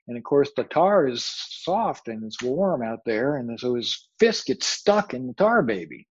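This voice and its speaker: A man's voice: medium pitch, sing-song, a little slow, few pauses, husky, dry recording. A man giving a spiritual lecture as a teacher, reflective and searching for his words, often repeating phrases. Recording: dull, slightly muffled recording.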